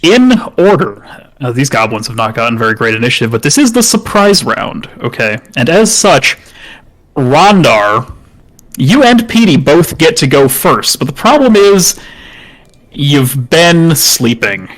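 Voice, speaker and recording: A man's voice: medium pitch, sing-song, unhurried, fairly bright tone, low-quality recording. A man narrating as dungeon master for a tabletop game, good-humored and prone to chuckling as he describes the action.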